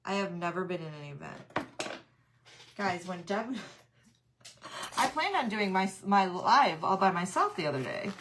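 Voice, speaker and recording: Woman, lowish voice, chatty craft livestream host, faint hiss. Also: very animated, unhurried, pauses often, a bit bright. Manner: chatty, laughs often, reads out comments. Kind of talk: casual livestream chat with viewers.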